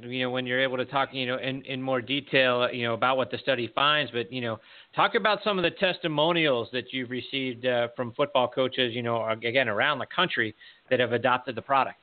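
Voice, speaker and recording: A man's voice: mid-range voice, fairly quick. A man hosting a radio show, asking rambling questions full of fillers. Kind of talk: interviewing a guest. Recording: thin lo-fi phone-like sound.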